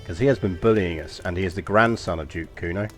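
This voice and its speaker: A man with a softened London accent and a slight New York touch, chatting casually and swearing at the game as he thinks aloud while streaming. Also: low voice, fast talker, faint music behind.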